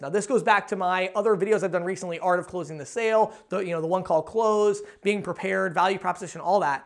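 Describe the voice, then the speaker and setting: Energetic male sales trainer, direct to camera, acts out pitches. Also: fast, few pauses.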